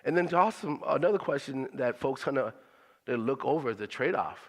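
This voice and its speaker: A man's voice: mid-range voice, lively intonation, brisk, long reverb tail. A man speaking at a church service in a conversational, motivational way, repeating his questions for emphasis.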